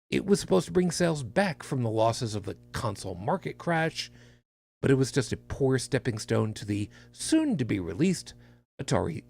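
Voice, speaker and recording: Tired male podcast host, raspy gravelly voice, lively pitch, jokey read. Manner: animated, jokey delivery with big pitch swings. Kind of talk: casual podcast chat, reading horoscopes.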